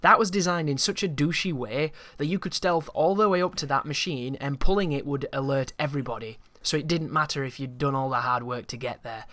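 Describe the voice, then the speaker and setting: A man's voice: medium pitch, fairly quick, hardly any pauses, a bit bright. A man giving casual, rambling, opinionated commentary over a video game, swearing freely as he talks. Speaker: gameplay commentator.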